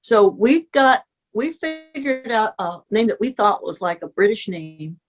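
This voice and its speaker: A woman's voice: mid-range voice, a little slow, soft background music. A woman in her seventies from the US Midwest, reminiscing in casual conversation as a guest and gushing, often breaking off mid-sentence. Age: 70s.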